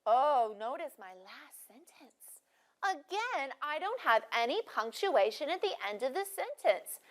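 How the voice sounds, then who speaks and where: A woman teaching a first grade class, speaking clearly and encouragingly to students watching on video. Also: sits high, sing-song. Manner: clear, encouraging, deliberately paced teacher talk.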